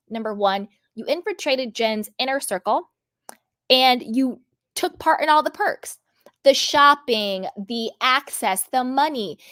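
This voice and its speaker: A woman hosting a reality TV commentary vlog, sassy and animated as she scolds. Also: sits high, no room sound, studio quality. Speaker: commentary host.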